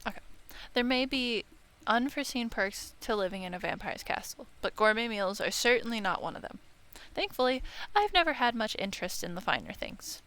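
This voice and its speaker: A woman's voice: on the high side, animated, brisk, hardly any pauses, fairly bright tone. A woman playing a visual novel, reading the narration aloud with casual remarks, stumbling and correcting herself. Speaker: let's-play streamer. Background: game music.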